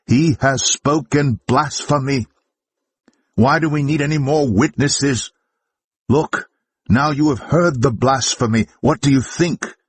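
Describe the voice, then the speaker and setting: A man voicing an outraged high priest with an indignant, raised delivery, reading scripture aloud. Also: takes it slowly, breathy edge, no room sound.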